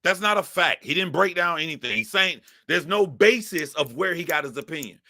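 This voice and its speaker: A man's voice: on the high side, lively intonation, brisk, few pauses, bright, forceful tone, no echo. A man giving heated, profane commentary to his live chat as a streamer. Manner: profane, emphatic ranting.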